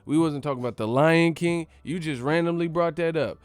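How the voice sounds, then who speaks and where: A man's voice: fairly high pitch, clear, resonant tone, no room sound, soft background music. A man hosting a boxing channel, ranting profanely in a casual live stream. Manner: profane, animated, fast-talking.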